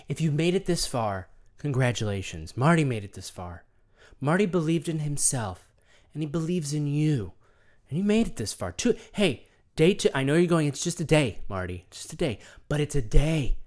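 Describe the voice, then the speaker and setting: A man's voice: a little high, darkish tone. A man hosting a comedic self-help monologue, earnest and soothing, talking about himself in the third person.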